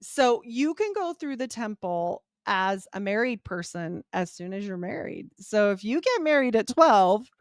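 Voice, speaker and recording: Middle-aged woman, podcast guest, animated storytelling, dry close sound. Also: mid-range voice, a little slow, few pauses, no echo. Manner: animated, quotes people in voiced asides. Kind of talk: candid storytelling interview.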